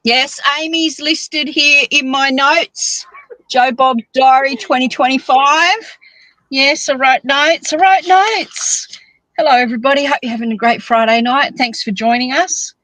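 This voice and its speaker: A woman, chatting in a teasing, animated way as a monthly guest on a casual podcast. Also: high voice, a little slow, dry recording, low-quality recording.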